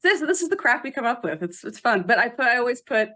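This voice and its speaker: A woman author chatting as a podcast guest, animated and quick to laugh, emphatic about how words are pronounced. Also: a little high. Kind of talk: casual podcast interview.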